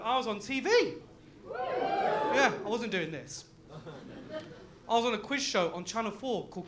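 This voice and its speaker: A young man from Leicester doing a live stand-up set, loud and laughing, full of crude banter with the crowd. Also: very high voice. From Leicester, England. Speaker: stand-up comedian.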